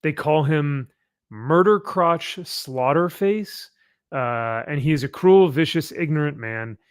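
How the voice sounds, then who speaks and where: A man's voice: on the high side, animated, takes it slowly, clean tone, dry recording, studio quality. A man hosting a casual chat, rambling as he sums up a comic and laughing along. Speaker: podcast host.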